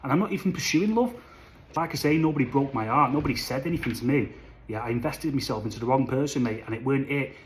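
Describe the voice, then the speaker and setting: A young man talks casually to camera in a chatty, animated way. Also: mid-range voice, quick pace, slight background noise. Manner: chatty, animated, says "lad" and "flipping" a lot. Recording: echoey room, faint ambience.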